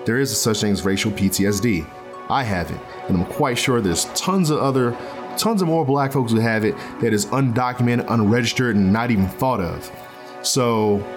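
Rambling male podcaster over music. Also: mid-range voice. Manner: loose and rambling, with many fillers and restarts. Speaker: podcast host. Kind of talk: casual solo podcast monologue. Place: bedroom at home.

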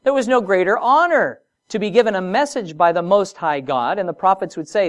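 A preacher giving a sermon, moving between soft, drawn-out phrases and emphatic rises, with conversational asides and rhetorical questions. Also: mid-range voice, expressive.

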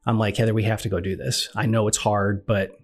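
A man's voice: fairly low pitch, a little fast. A man earnestly recounting a personal faith story, acting out the dialogue as he goes. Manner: earnest, animated retelling with quoted dialogue. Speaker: guest sharing testimony.

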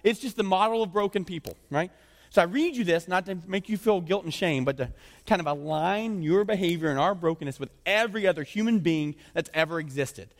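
A pastor delivers a sermon in a high voice, chatty and animated, now and then sinking low and intense. His words ring out with a long reverb in a church hall. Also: brisk. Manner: conversational, animated, often drops to a low intense voice.

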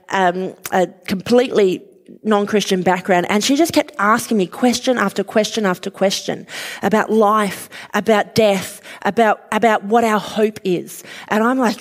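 A woman preaching a sermon, conversational, telling a personal story with fillers and light laughs. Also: mid-range voice. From outside Western Australia.

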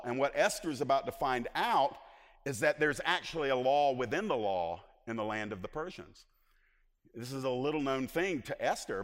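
Animated male pastor preaching in a hall. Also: medium pitch. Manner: impassioned preaching, swinging between loud emphasis and hushed asides. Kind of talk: sermon.

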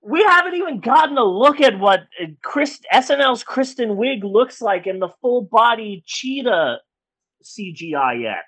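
A woman on a casual podcast goes on an angry, profane rant, her pitch leaping up and down all the way. She sounds heated and exasperated. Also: sing-song, measured pace, a bit bright, breathy edge, poor audio. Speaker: podcast co-host.

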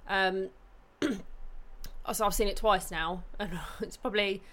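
A woman's voice: mid-range voice, fairly even intonation, slow, fairly bright tone. Chatty southern English woman. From Watford, England. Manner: chatty, laughs often, swears casually. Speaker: podcast co-host. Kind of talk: casual film chat.

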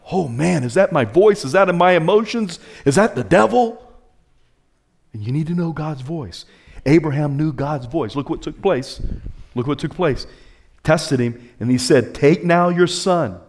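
A man preaching a sermon as pastor, swinging his pitch high and low and calling out to the congregation. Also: a little mellow.

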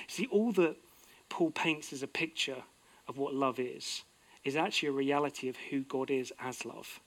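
A middle-aged man preaching a sermon, earnest, swinging from emphatic outbursts to soft, low-voiced reflection. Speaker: pastor.

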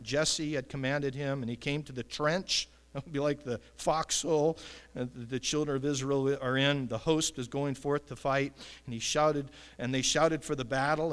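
A man preaching a sermon in an animated way, now and then acting out voices. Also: medium pitch. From United States. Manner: animated, acts out voices, chuckles. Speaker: pastor. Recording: long hall reverb.

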